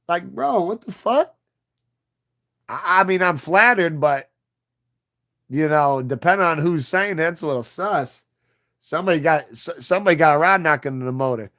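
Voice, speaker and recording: A man's voice: a little high, normal speed, a bit bright. Profane, playful man in his thirties. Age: 30s. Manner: profane, rambling, playful banter with chat. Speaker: livestream host. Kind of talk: casual livestream chat.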